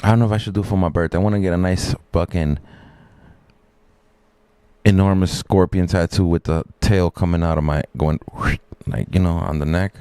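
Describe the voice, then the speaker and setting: A man's voice: deep voice, fairly even intonation, a little fast, dark tone, smooth, no echo. A man rambling casually and cursing freely while hosting a reaction live stream. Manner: rambling, profane, jokey.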